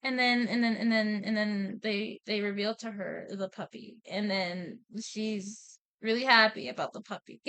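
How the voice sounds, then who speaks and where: A woman's voice: mid-range voice, steady tone, unhurried, few pauses, a bit bright, smooth. A woman streamer casually retelling a story, rambling with lots of repeated "and then"s, swearing and laughing often.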